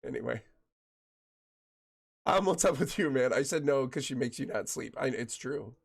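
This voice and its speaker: A man's voice: mid-range voice, expressive, normal speed, creaky, husky. A man streaming a game, joking and greeting viewers by name, while getting over a chest cold that makes him cough. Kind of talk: casual chat with viewers while gaming.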